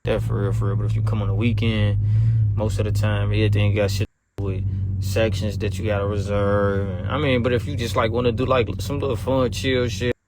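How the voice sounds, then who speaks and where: A man's voice: fairly low pitch, little pitch movement, brisk, background noise. A man leaving a laid-back, rambling voicemail. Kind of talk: casual voicemail.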